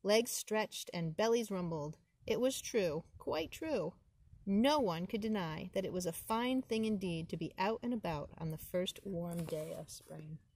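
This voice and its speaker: A woman, a preschool teacher, reading a children's storybook outdoors in the woods. She reads in a gentle, clear and expressive way. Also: lowish voice, a little slow.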